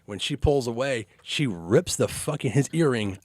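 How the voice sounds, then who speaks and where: A man co-hosting a casual movie podcast, excitable and laughing often as he retells scenes. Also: medium pitch, normal speed, no echo. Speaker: podcast co-host.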